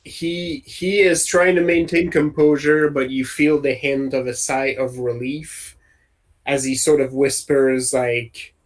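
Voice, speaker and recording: Guy running a tabletop rpg, slow and halting, lots of ums and likes while he describes stuff. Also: medium pitch, fairly even intonation, poor audio. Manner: hesitant, many fillers and restarts while describing. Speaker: game master. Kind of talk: narrating a tabletop game.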